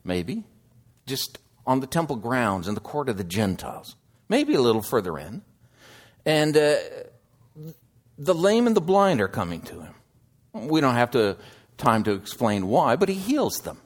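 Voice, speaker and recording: A man preaching a sermon, slow and deliberate, swinging between loud emphasis and hushed asides. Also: mid-range voice, big pitch swings.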